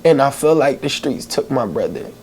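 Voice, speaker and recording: A man hosting a podcast, telling a heartfelt personal story in a halting way, with many pauses and fillers, holding back tears. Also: medium pitch, very animated, a little hiss or hum. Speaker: podcast host.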